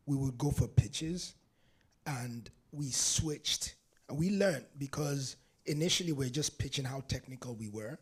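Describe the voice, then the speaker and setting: Lively husky-voiced man, entrepreneur panelist, tells business stories with laughter. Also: on the high side. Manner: animated, storytelling, laughs often. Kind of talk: panel discussion answer.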